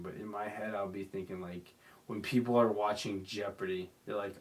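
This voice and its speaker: A man's voice: on the low side, flat delivery, moderate pace. A young man hosting a rambling solo podcast, drunk and sleepy, slurring and apologizing as he talks. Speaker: podcast host.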